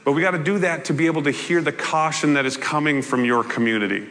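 A male pastor preaching a sermon in a conversational, animated way with playful asides. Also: fairly high pitch, fast. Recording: echoey hall with long reverb.

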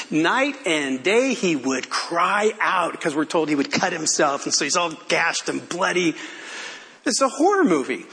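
An older man preaching a sermon as pastor, telling stories in an animated way and often laughing. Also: a little high.

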